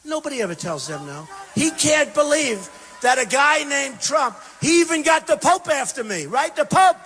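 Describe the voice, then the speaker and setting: A man giving a campaign rally speech, emphatic and repetitive, swinging between shouted bursts and quiet asides. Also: extremely high pitch, sing-song, moderate pace. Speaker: political candidate speaking at a rally. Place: large university venue. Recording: long reverb from a big hall.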